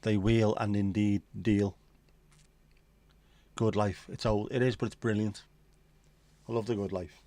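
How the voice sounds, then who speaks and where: A man's voice: fairly low pitch, fairly even intonation, a little slow, pauses often, warm tone, dry recording. A middle-aged man hosting a livestream, rambling through jokey pub-style banter while reading out chat. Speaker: livestream host. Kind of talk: casual chat reading viewer comments.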